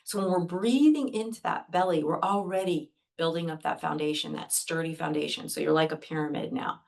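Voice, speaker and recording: Earnest woman with a gravelly low voice. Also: a little fast. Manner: soft, earnest, guides breathing step by step. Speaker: Reiki teacher leading a group call. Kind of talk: gentle talk to an online group.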